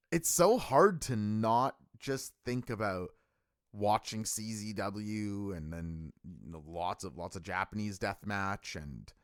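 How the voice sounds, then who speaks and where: A man's voice: fairly low pitch, animated, slow pace, no room sound, clean studio sound. A middle-aged man hosting a live stream, reviewing a show in an enthusiastic, rambling way with lots of fillers and restarts. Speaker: wrestling stream host.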